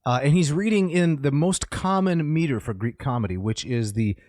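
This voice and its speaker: A man's voice: a little high, moderate pace, a little mellow, dry recording, studio quality. A man co-hosting a podcast, explaining things in a casual, joking way. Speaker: podcast co-host.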